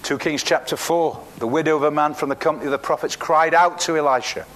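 Guy preaching, acts out the quotes, kinda high voice, keeps restarting words. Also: quick pace, few pauses, a bit bright. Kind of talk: sermon.

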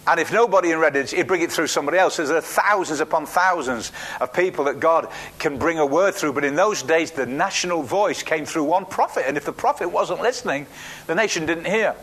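A man delivers a sermon in a slightly raised voice. He tells the story with lively, acted-out quotes, breaking off and restarting his phrases as he goes. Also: fairly high pitch, a little fast, slightly rough. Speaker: preacher.

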